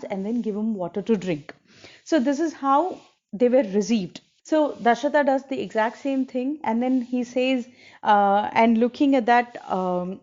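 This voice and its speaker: Woman, casual storyteller, higher voice, explains as she goes, dull lo-fi recording. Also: warm tone. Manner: explains as she goes, with fillers and restarts, acting out quoted kings and sages.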